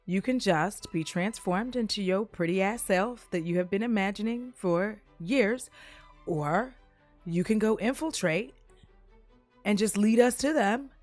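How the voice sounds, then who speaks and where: A woman's voice: medium pitch, a little slow, darkish tone, dry recording, faint music behind, lightly acted. A woman voicing a sassy, scheming female city leader who talks in a gossipy, profane way.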